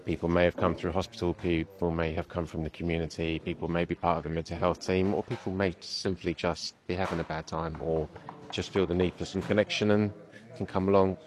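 A man, an occupational therapist calmly explaining his program in an interview, with small fillers. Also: low-pitched, a little fast. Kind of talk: interview answers.

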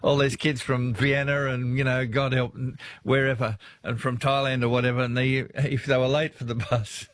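A man's voice: mid-range voice, little pitch movement, moderate pace, hardly any pauses, dry recording. A man with an Australian accent hosting a casual talkback radio show, chatty and rambling, often laughing between asides. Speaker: radio host.

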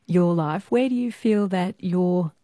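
A woman radio host asking interview questions and reading the show's outro in a measured way. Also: on the low side, mellow, no echo, clean studio sound. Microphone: studio microphone.

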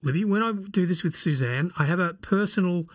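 A man's voice: high-pitched, a little fast, slightly rough, no room sound, clean studio sound. A man, a radio producer, explaining new music on air in an easy, chatty way. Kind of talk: radio music segment chat. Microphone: studio microphone.

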